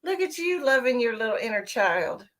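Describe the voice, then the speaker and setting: A middle-aged woman with a fairly high, sing-song voice speaks at a normal pace with a slightly bright tone. She's a psychic medium on a live stream, chatting casually and rambling, giggly and affectionate toward her viewers.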